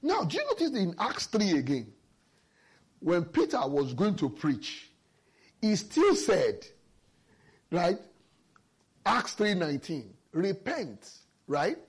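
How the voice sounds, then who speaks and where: A man's voice: sits high, slow, long pauses, slightly rough. A man preaching a sermon, explaining scripture with emphasis and personal stories. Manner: lively, emphatic Bible exposition with personal stories.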